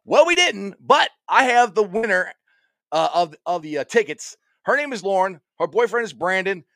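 A man's voice: high voice, expressive, normal speed, bright, forceful tone, dry recording, studio quality. A man hosting a radio interview, enthusiastic and often repeating words as he asks questions. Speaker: radio host.

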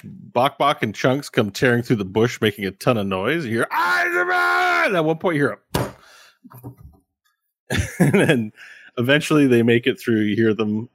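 A man running a tabletop game as game master, narrating with animated delivery and frequent laughter. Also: medium pitch, dry recording. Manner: animated, laughs often, acts out voices.

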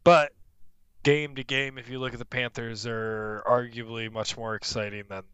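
A man co-hosting a sports podcast at mid pitch with a smooth, clean voice. The sound is dry and close, and he chats in a wry, joking way. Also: level tone, normal speed, a bit bright, dry recording, poor audio. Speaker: podcast co-host. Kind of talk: casual sports podcast chat.

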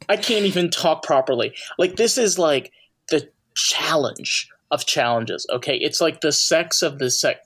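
Animated, joking podcast co-host. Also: mid-range voice, a little slow, husky. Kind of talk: casual chat.

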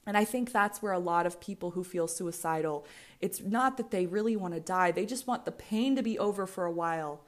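A woman's voice: on the low side, brisk. Candid young American woman podcasting solo. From United States. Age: 20s. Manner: candid, rambling, swears freely, with frequent restarts. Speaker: podcast host.

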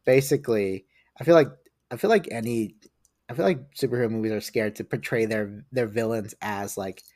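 A man talking casually as a podcast guest, rambling and animated, with many restarts and fillers. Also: lowish voice, no echo, clean studio sound.

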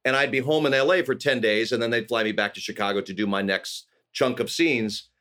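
A man's voice: mid-range voice, fairly quick. Middle-aged california guy telling stories on a podcast, does little voices for people he quotes. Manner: animated anecdotes with quoted voices. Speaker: guest actor. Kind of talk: casual storytelling.

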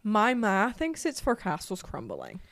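A woman co-hosting a casual podcast chat, giggly and rambling with excitable energy. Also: mid-range voice, measured pace, no room sound. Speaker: podcast co-host.

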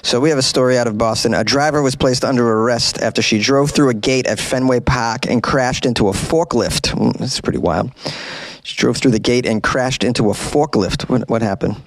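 A man's voice: mid-range voice, a little fast, dry recording. A man hosting a casual comedic news commentary, reading headlines and riffing with joking asides.

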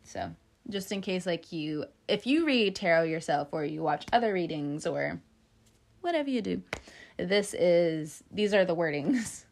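A woman's voice: on the low side, expressive, unhurried, vocal fry, darkish tone. A woman giving a casual tarot reading, chatty and playful, laughing often and swearing now and then. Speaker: tarot reader.

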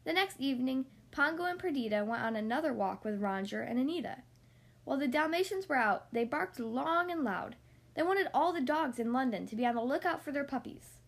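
A woman reading a children's storybook aloud in a gentle, expressive manner. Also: sits high, a little fast.

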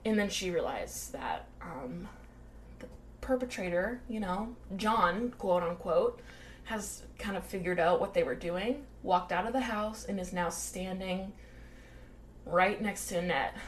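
A woman's voice: medium pitch, measured pace, slight background noise. A woman co-hosting a podcast, telling a true-crime story casually, with swearing and acted-out quotes. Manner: animated, swearing, acts out quotes. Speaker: podcast co-host.

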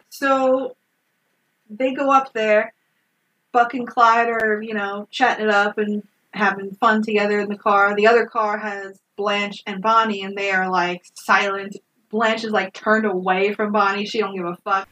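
A woman's voice: mid-range voice, steady tone, measured pace, bright, forceful tone, far from the mic, low-quality recording. A woman co-hosting a casual podcast, retelling a film plot in a chatty way, laughing and acting out the characters' lines. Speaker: podcast co-host recapping a film. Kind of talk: casual chat.

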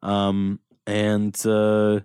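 A man's voice: on the low side, monotone, very slow, darkish tone, smooth, no room sound, studio quality. A man, an actor who hosts a podcast, chatting in a laid-back way and swearing freely. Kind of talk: casual chat.

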